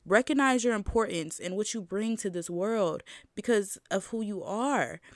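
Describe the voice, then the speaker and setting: A woman's voice: medium pitch, normal speed, no echo, clean studio sound. Emphatic woman giving casual pep talk. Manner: emphatic, preachy, repeats points for stress; informal, slangy, addresses listeners directly. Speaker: vlogger. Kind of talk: casual motivational talk to camera.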